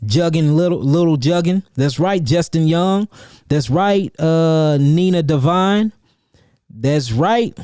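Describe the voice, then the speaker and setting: A man hosting a livestreamed Q&A about herbal healing, animated and repetitive, calling out names from the chat and hammering his points home. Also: a little high, slow, clean tone, dry recording, clean studio sound. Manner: animated, calls out chat names and repeats himself for emphasis. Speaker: herbalist host answering viewer questions. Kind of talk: livestream Q&A, casual and preachy.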